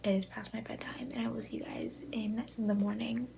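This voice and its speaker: A woman's voice: a little high, steady tone, brisk, vocal fry, noisy background. A nineteen-year-old woman from Buffalo, New York, chatting to camera about books, often whispering late at night in a gushing, filler-heavy way. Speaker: book vlogger. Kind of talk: casual chat to camera.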